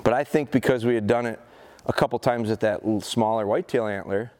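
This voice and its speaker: A man's voice: medium pitch, brisk, a little mellow. A man giving a live dog-training seminar. He coaxes the dog with short repeated commands and praise, then explains plainly to the audience with rhetorical questions. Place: event seminar in front of an audience.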